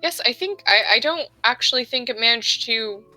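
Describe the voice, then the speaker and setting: A woman's voice: fairly high pitch, lively intonation, normal speed, sharp tone, faint music behind, rough recording. A woman voicing a polite, curious female adventurer who speaks formally and courteously.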